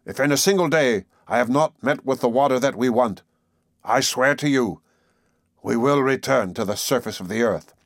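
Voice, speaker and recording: A man's voice: mid-range voice, moderate pace, no echo, studio quality, lightly acted. A man reading as a stubborn, commanding old professor. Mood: resolute. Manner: forceful, resolute declarations. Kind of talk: audiobook character reading.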